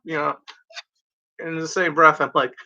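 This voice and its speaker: A vlogger rants at home in front of a blanket, rambling, swearing and mocking other drivers in put-on voices. His voice is a little high and sharp-toned, with flat delivery at a measured pace. The recording is dull and lo-fi.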